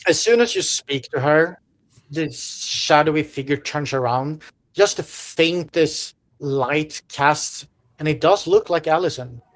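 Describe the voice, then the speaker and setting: Game master, horror tabletop narration, rambling, filler-heavy, mid-pitched. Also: a little slow. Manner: rambling, descriptive, with many fillers.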